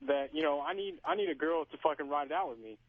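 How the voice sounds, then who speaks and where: Brief: rambling male caller, phone-line sound, slightly higher voice. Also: expressive, quick pace. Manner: rambling, casual, lots of fillers. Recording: tinny dry phone line.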